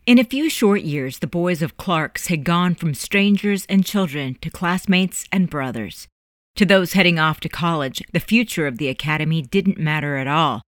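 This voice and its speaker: An audiobook narrator with a middle pitch reads in a measured storytelling way. The sound is dry and close, with no room echo. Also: lively intonation. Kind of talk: scripted narration.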